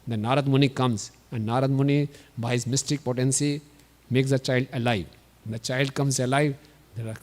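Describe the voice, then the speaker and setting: A man giving a devotional sermon in a temple, telling stories with animated acted-out voices and laughs. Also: mid-range voice. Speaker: guest speaker at a temple. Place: temple hall. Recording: long hall reverb.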